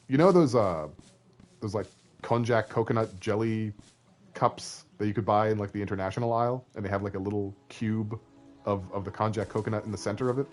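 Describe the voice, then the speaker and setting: A young man from Canada, streaming a story game, chatting and joking with his viewers. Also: fairly low pitch. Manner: joking and chatty, talks to chat. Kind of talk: reading a story game aloud on a live stream. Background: faint game music.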